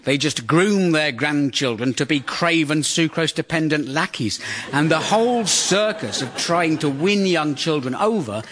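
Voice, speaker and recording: A man's voice: on the high side, moderate pace. A man giving a sardonic stand-up monologue as host of a radio comedy show. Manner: wry, sardonic, deadpan.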